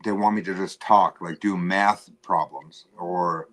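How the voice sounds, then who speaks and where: A man on a casual livestream, telling a rambling, halting story about himself. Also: low-pitched, steady tone, fairly bright tone. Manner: rambling, halting, self-deprecating.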